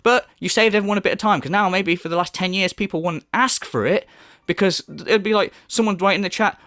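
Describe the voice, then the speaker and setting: Ranting man, high and lively. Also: a little fast, no room sound, clean studio sound. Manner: angry, profane, mocking. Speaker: commentary youtuber. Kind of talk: ranting commentary.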